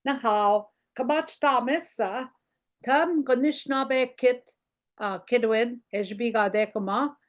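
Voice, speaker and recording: Slow, patient woman teaching a language. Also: a little high. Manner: slow, patient, repeats words for learners. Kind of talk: online language lesson.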